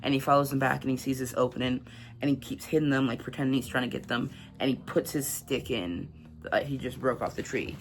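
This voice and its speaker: Chatty man with a gravelly voice. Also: medium pitch, steady tone, fairly quick. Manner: chatty, filler-heavy, laughs at grim scenes. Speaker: book vlogger. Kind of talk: casual book recap with read excerpts.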